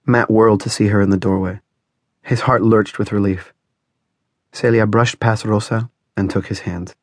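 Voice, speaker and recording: A man narrates a novel in a measured, dramatic reading. His voice sits fairly low, and the recording is dry and close with no room sound. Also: fairly even intonation, no echo. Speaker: audiobook narrator. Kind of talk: scripted narration.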